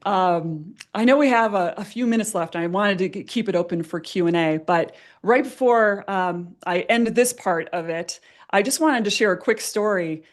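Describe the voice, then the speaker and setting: Animated woman telling a story. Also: mid-range voice, moderate pace. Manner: animated, laughs often, many fillers. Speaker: workshop presenter. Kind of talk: storytelling in a workshop.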